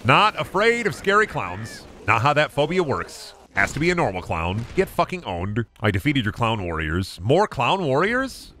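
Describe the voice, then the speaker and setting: A man doing casual, profane gaming commentary, breaking into loud angry outbursts and jokey rants. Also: medium pitch, huge pitch swings, normal speed, few pauses, a little hiss or hum. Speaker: gaming streamer.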